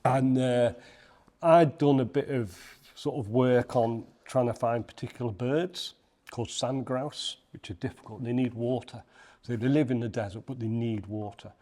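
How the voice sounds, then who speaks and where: A man from Liverpool with a Liverpool accent, a podcast guest telling a lively anecdote in casual chat, acting out the people he quotes. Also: mid-range voice, moderate pace. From Liverpool, England. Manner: animated anecdote-telling with acted quotes and laughs. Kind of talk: storytelling in casual interview.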